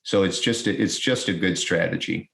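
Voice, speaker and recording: A man, an emergency-services chief, explaining things as a guest in a podcast interview, speaking in quick bursts with restarts. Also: low voice, creaky, fairly bright tone. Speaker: guest, EMS fire chief. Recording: roomy echo.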